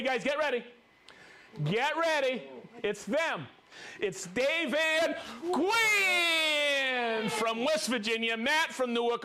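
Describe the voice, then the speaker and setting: A high-voiced man hosts a live stream, calling out viewers one after another with jokes and whoops. His pitch swings widely and lively, and his delivery stays upbeat and playful. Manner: upbeat, jokey, reads viewer names with whoops. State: recovering from a cold. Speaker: livestream host.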